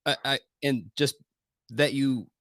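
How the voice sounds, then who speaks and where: An American man from the Pacific Northwest, a podcast guest speaking in casual chat, measured and dry with soft hesitations. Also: mid-range voice, steady tone, dry recording. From USA.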